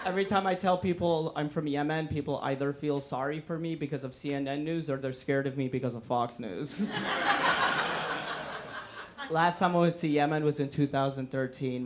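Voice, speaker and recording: A young man performing stand-up comedy at a live show, animated and laughing between jokes. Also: medium pitch, normal speed. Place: live comedy room with an audience.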